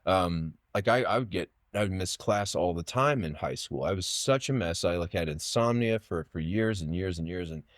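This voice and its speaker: A man in his late thirties speaks as a podcast guest in a low, deep voice. He tells stories casually, circling back with restarts and fillers, recorded dry and close. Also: moderate pace, hardly any pauses, no echo. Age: late 30s. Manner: rambling, full of restarts and fillers. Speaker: podcast guest, poet and writer. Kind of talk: casual interview storytelling.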